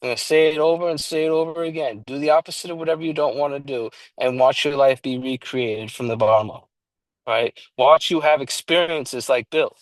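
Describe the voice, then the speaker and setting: A man's voice: medium pitch, brisk, dry recording, poor audio. Emphatic man talking recovery. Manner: emphatic, preachy, swears casually, restarts often. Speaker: recovery study co-host. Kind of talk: casual online meeting talk.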